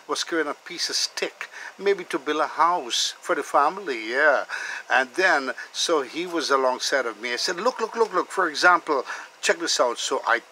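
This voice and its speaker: A man talks his viewers through a home cooking demonstration, wandering into a folksy story along the way. His voice is bright and forceful, with a medium pitch. Faint background noise sits under the recording. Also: rough recording. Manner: chatty, enthusiastic, calls the food "bad boy". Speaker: cooking channel host.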